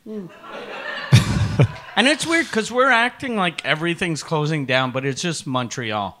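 Give me a high-pitched male podcast co-host, joking around. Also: a little slow. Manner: joking, profane, lively. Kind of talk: casual chat.

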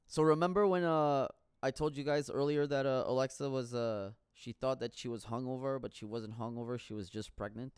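A man's voice: medium pitch, lively intonation, normal speed, hardly any pauses, a little mellow, clean tone, no echo. Rambling, profane man. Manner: rambling, profane, laughs often. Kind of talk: casual solo monologue.

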